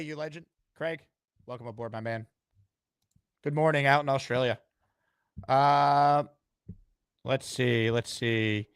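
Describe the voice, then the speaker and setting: A man's voice: mid-range voice, steady tone, unhurried, long pauses, smooth, no echo, studio quality. A man hosting a live-streamed call-in show, upbeat and hyping up callers and superchats. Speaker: host.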